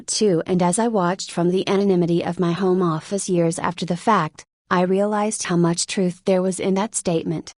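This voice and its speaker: A woman narrating a nonfiction audiobook in an even, measured reading. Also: lowish voice, no room sound.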